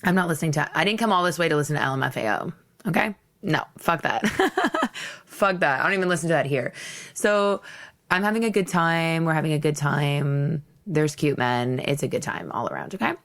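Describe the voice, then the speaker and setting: A young woman hosts her own podcast with a low voice that often drops into a gravelly fry. She tells a personal story bluntly and theatrically, with plenty of laughter. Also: lively intonation, a little fast, a bit bright. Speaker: podcast host. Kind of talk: candid storytelling monologue.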